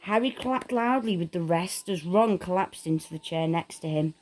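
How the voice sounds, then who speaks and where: A woman's voice: on the low side, normal speed, darkish tone, poor audio. A woman reading a storybook aloud.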